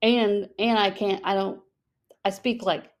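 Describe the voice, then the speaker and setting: A woman's voice: mid-range voice, steady tone, measured pace. A young American woman co-hosting a podcast, chatty, laughing easily and acting out little quotes. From United States. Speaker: podcast co-host. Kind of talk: casual chat.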